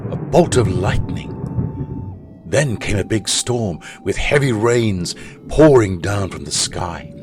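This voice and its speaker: A man, a school chaplain, narrating a children's story in an expressive storytelling manner. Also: lowish voice, slow pace, over loud music.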